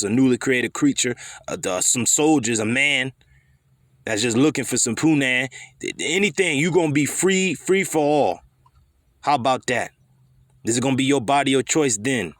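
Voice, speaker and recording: A man's voice: medium pitch, normal speed, fairly bright tone, no echo, studio quality. A man preaching a blunt, confrontational scripture sermon full of profanity and street slang.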